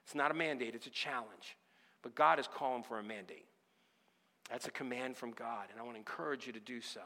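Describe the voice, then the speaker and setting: A man's voice: medium pitch, a little fast, pushed and bright, long reverb tail. A man preaching a sermon, telling a story with voiced quotes and exhorting his church to give. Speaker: pastor. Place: church sanctuary.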